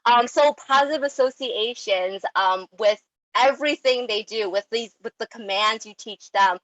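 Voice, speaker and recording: A young woman giving a casual online talk on dog training, chatty and animated, with many ums and likes. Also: on the high side, moderate pace, no room sound, highs cut off.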